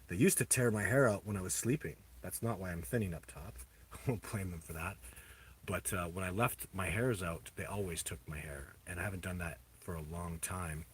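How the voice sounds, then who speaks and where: A man hosting a casual livestream, answering viewer questions in a rambling, halting way with many restarts. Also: low voice, slight background noise. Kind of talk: casual live chat.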